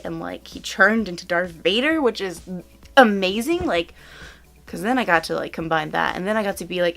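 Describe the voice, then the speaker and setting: A young woman chats through a casual countdown vlog. She gushes and giggles, packing her sentences with filler words and excited exclamations. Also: lowish voice, normal speed, creaky. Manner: gushing, giggly, lots of "like" and "oh my God". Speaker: YouTuber.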